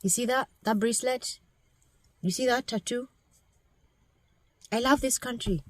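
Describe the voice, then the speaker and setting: A woman's voice: on the high side, unhurried. A woman from Kenya, giving blunt, scolding political commentary straight to camera.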